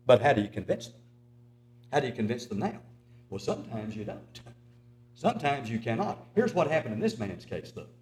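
Older male preacher, lively, higher-pitched, earnest storytelling, echoey church auditorium. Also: brisk, long pauses. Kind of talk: sermon with storytelling.

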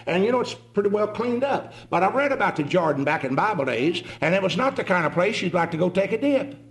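A man's voice: high voice, fast. A man preaching a sermon, telling folksy stories and reading scripture aloud. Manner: animated, folksy storytelling preaching. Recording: echoey room.

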